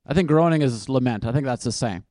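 A man's voice: mid-range voice, animated, fast, mellow, no room sound, clean studio sound. A man speaking at a conference and answering audience questions off the cuff, thinking aloud in a casual, self-deprecating way.

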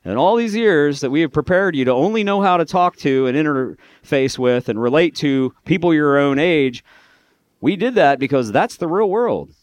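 Middle-aged male speaker, sarcastic, animated, dry close recording. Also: on the high side, moderate pace, no room sound. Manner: sarcastic, animated, mock voices for others. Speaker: speaker addressing a live audience. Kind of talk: sarcastic talk to an audience.

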